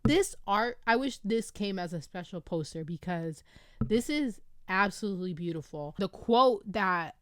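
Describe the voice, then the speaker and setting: A woman host excitedly talking through a book she loves, gushing with lots of fillers, in a casual review chat recorded at home on a desk microphone. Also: mid-range voice, a little slow, dry recording, clean studio sound. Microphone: desk microphone with camera.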